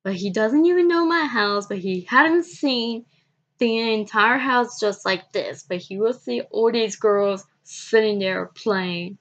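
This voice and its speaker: A woman vlogging, telling a personal story in a halting, repetitive way and often restarting her sentences. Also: a little high, highs cut off.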